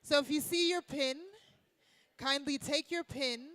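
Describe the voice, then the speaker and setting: High-voiced upbeat woman emcee. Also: expressive, unhurried, a bit bright, no room sound. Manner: upbeat crowd-engaging emcee. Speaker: event host. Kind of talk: hosting an awards gala. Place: banquet hall at an evening event.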